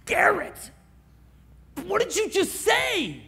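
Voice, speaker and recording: A man's voice: very high voice, big pitch swings, slow, creaky, fairly bright tone, breathy edge, full character voice. A man preaching a sermon, quoting a blunt young man from the neighborhood who firmly scolds him.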